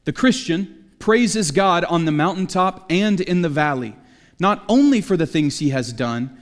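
Preacher in a reverberant church hall. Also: male voice, a little high, lively intonation, measured pace. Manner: conversational, jokey asides. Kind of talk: sermon. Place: church sanctuary.

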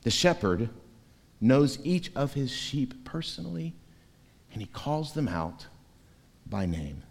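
A pastor preaching a sermon, animated and shifting between soft and loud delivery. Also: male voice, mid-range voice, slow, vocal fry. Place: church sanctuary. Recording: reverberant church hall.

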